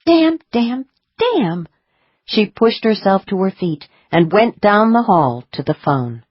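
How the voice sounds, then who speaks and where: A woman reading audiobook narration in a measured, expressive way. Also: medium pitch, no echo, dull audio.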